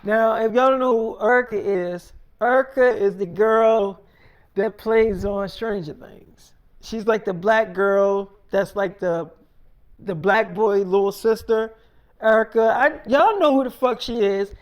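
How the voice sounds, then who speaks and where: A man's voice: sits high, measured pace, dull audio. A man telling a long improvised story in a casual, profane way, retelling every exchange as "I'm like, she's like.". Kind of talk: rambling improvised spoken story.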